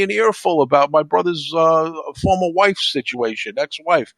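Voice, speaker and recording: A man's voice: a little high, expressive, moderate pace, creaky, fairly bright tone, no echo. A man chatting as a podcast guest, telling stories with plenty of swearing and acting out the arguments he quotes. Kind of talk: casual chat.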